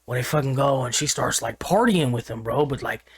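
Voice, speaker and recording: A man co-hosting a podcast, telling a story in a casual, animated and profane way, full of slang. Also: mid-range voice, fairly quick, slightly rough. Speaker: podcast co-host.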